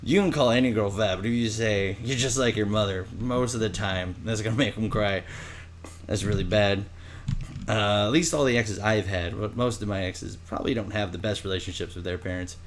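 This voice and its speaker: Animated young man telling a story. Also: fairly quick, slight background noise. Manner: animated storyteller, acts out quotes in high voices. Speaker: podcast co-host. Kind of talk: casual storytelling chat.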